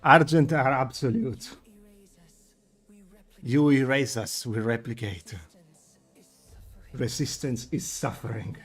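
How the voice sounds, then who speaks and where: A man's voice: mid-range voice, slow, long pauses, slightly rough, faint music behind, pitched below the performer's own voice. A man voicing a menacing alien machine collective that speaks in cold, clipped threats with a siren-like edge.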